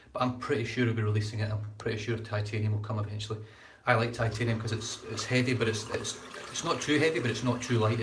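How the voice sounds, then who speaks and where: A man's voice: medium pitch, distant mic, a little hiss or hum. A man hosting a casual live-stream shaving chat, rambling and repeating his words as he talks. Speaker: shaving channel host. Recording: echoey room.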